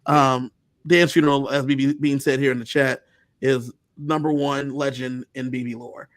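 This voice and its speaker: A man co-hosting a fan podcast, recapping events in casual, animated chat and acting out other people's lines as he tells the story. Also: medium pitch, moderate pace, no room sound. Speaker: podcast co-host.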